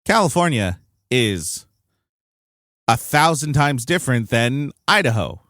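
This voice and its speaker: Male podcast co-host, lively pitch, hedging casual talker, dry close-miked sound. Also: measured pace, no room sound. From United States. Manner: rambling, hedging, lively and swearing. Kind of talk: casual chat.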